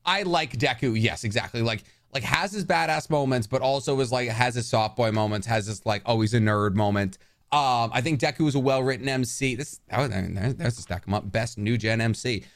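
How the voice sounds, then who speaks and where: A man co-hosting a podcast in casual chat, ranting with animated swearing. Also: medium pitch, brisk. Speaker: podcast co-host.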